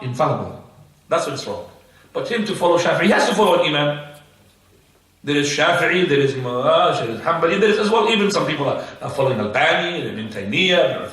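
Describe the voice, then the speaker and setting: A man teaching a religious lesson, asking his listeners questions and answering them himself in a lively way. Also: fairly high pitch. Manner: animated, rhetorical questions and quick answers. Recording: echoey room, mic far off.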